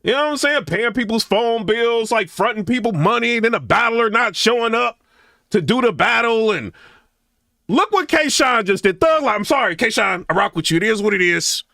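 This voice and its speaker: A middle-aged man gives casual reaction commentary. His voice sits high and swings widely in pitch, with a bright, sharp edge. The recording is dry and close. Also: moderate pace, creaky, dry recording. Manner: animated, chatty, repeats "you know what I'm saying".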